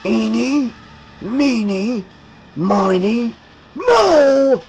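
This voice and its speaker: A man voicing a burned male dream killer who hisses and taunts in a drawn-out, sneering way. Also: very high voice, very animated, vocal fry, over music, voice pushed up, full character voice. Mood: gleeful taunting.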